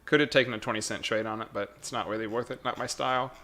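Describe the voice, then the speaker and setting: A man streaming his stock trading live, talking to himself and chat in a muttered running commentary that repeats phrases and breaks into sudden excited bursts. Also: medium pitch, quick pace.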